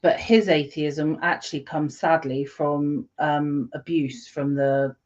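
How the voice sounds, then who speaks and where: A woman's voice: deep voice, fairly even intonation, slow, darkish tone, muffled recording. A woman co-hosting a podcast in casual, playful, teasing chat. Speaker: podcast co-host.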